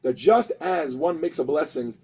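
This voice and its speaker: A man's voice: fairly high pitch, sing-song, normal speed, a little mellow, husky, rough recording. A man teaching a lesson, telling a story and acting out the characters with many restarts.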